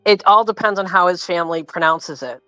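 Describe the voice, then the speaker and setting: A woman's voice: lowish voice, a little fast, a bit bright, no echo, muffled recording. A woman taking part in a casual podcast chat, agreeable and answering in short replies.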